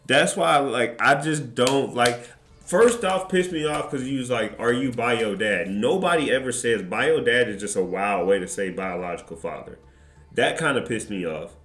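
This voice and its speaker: A man's voice: mid-range voice, expressive, moderate pace, a bit bright. A man streaming, telling a rambling, profane story in a casual way and laughing often. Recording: echoey room with background music.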